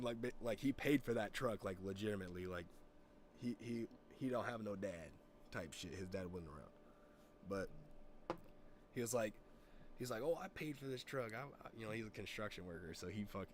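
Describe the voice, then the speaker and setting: A man streaming, telling a story in a rambling, profane, animated way. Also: fairly low pitch, brisk, slight background noise. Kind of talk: casual storytelling chat.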